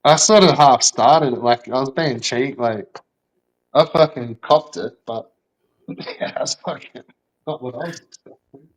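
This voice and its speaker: A man's voice: mid-range voice, unhurried, long pauses, rough recording. A man telling a rambling, swear-filled story in casual chat, with lots of fillers.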